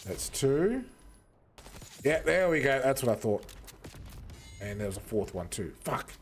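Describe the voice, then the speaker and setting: A man's voice: medium pitch, big pitch swings, measured pace, soft background music. A young Australian man with an Australian accent chatting casually with his viewers while gaming, swearing often and greeting people by name. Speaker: gaming streamer.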